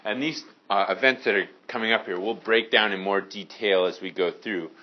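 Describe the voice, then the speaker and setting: A man from Maine teaching a high school science class, casual and joking with his students. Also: moderate pace, lo-fi sound. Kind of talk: classroom lecture.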